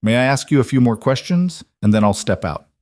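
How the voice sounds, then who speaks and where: A man voicing a pleasant, calm male neurologist in an audio story, speaking in a raised, measured tone. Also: medium pitch, no room sound, studio quality, pitched above the performer's own voice, natural voice.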